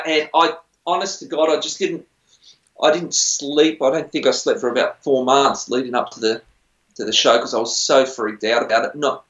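A middle-aged male musician on a TV singing show speaks in a fairly high, fairly bright voice. He rambles through stories in a chatty, self-deprecating way during a casual interview. The recording is roomy, dull and lo-fi.

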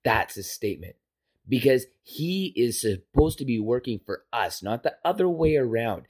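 A man's voice: medium pitch, big pitch swings, moderate pace, darkish tone. A man with a mid-range voice sits at a podcast microphone and rants. He speaks in an impassioned, emphatic way and swears freely while he drives his points home. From Canada. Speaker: podcast host. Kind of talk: political opinion rant.

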